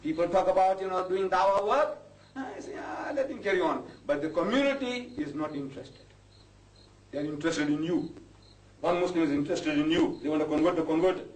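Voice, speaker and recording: A man, giving an impassioned lecture to a live audience. His voice sits fairly high and leaps up on rhetorical questions. It is recorded from far off in an echoey hall, with a faint hiss behind. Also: a little fast, a little mellow. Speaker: Islamic preacher.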